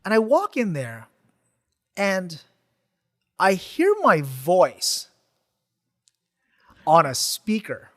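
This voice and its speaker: Man, podcast host, high voice, lively pitch, casual storytelling, long reverb. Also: drawn-out words, long pauses. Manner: animated, frequent "like" fillers, repeats words.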